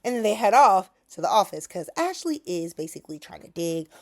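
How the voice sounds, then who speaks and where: An animated woman recaps the latest soap episode in a casual vlog. Her pitch swings widely as she tells the story, and she drops in slang and sassy asides along the way. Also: brisk. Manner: animated, acts out characters' lines in quotes; laughs often, slangy and sassy. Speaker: soap opera recap host.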